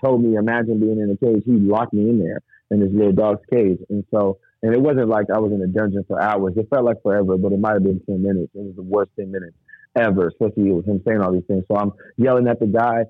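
A man's voice: lowish voice, steady tone, fast talker, dry recording. A man, the guest, telling an emotional personal story in a rambling, vivid way, acting out the voices of people he quotes. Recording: tinny phone-like dry sound.

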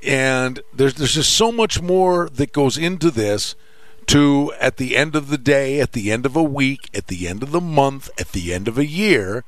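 A man's voice: mid-range voice, lively intonation, moderate pace, dry recording. A man hosting a sports radio talk show, speaking emphatically and repeating phrases for effect.

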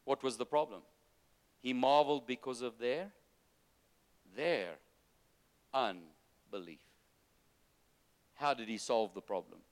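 A man preaching a sermon, moving between loud, urgent exhortation and soft, low-voiced asides to the congregation. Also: takes it slowly, long pauses. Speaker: pastor.

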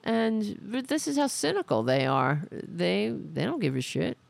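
Slow, gravelly woman ranting sarcastically. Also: mid-range voice, big pitch swings, dry recording. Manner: sarcastic, profane, indignant. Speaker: political commentary host. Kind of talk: opinionated political podcast rant.

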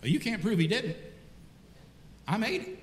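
A pastor preaching a sermon in a church, animated and storytelling, often repeating words as he goes. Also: high-pitched, normal speed, slight background noise. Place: church sanctuary. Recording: echoey church hall reverb.

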